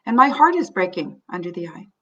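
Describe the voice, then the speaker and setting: A middle-aged woman leading a guided tapping sequence. She names the tapping points low and soft, then says the panic phrases higher and louder. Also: very animated, brisk, recorded from a distance, muffled recording. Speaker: tapping coach.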